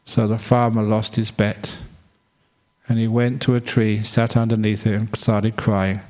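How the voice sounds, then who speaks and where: A man's voice: on the low side, darkish tone. Chatty, humorous male monk storyteller. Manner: humorous, chatty, laughs at own jokes. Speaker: Buddhist monk. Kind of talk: storytelling dharma talk.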